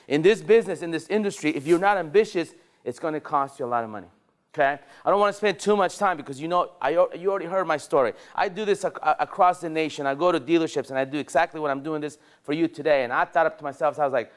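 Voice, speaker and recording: A man leading a sales training session at a dealership, energetic and rallying, firing questions at the staff in the room. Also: fairly high pitch, fast talker, clear, resonant tone.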